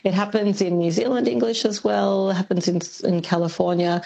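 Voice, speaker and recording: A woman, a linguist, answering questions on a radio interview in a thoughtful, hesitant way with frequent pauses. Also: medium pitch, steady tone, gravelly, warm tone, low-quality recording. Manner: thoughtful, hesitant with many ums. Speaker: linguist guest.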